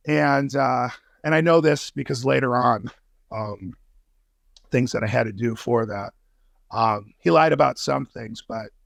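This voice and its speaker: A man's voice: mid-range voice, creaky, no echo, clean studio sound. A man guesting on a podcast, telling a story in casual talk, swearing freely and using street slang.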